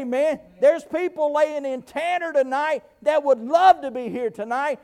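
A middle-aged preacher man with a very high voice. He preaches with bursts of shouting and many amens, stumbling over restarts. He pauses often, short of breath. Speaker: pastor. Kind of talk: sermon.

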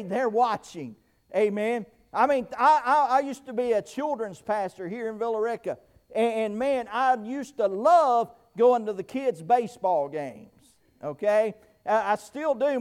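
High-voiced preacher man. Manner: impassioned preaching with frequent amens, stammered restarts and shouted quoted voices. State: short of breath, pausing. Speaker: pastor. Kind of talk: sermon.

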